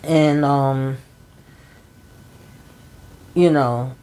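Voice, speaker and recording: Her pitch is extremely low, her tone steady and warm, and she speaks very slowly. This woman hosts TV show recaps, rambling chattily through an episode with fillers like "um" and "you know" while talking directly to viewers.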